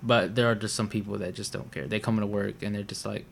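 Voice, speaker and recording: A man guest on a podcast, talking in rambling, slangy and profane casual chat that often trails off quietly. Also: lowish voice, fairly even intonation, fast talker, gravelly, a little hiss or hum.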